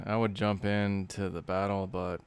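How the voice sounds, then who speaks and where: A man's voice: deep voice, flat delivery, moderate pace, clear, resonant tone. A man hosting a casual group voice chat, talking in a stammering way and repeating his words. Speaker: voice chat host.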